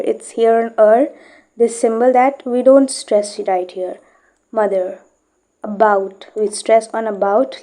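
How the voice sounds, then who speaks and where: A woman with a slightly high, mellow voice teaches English pronunciation. She speaks slowly, reads a book passage aloud, then explains it and often checks in with "okay?".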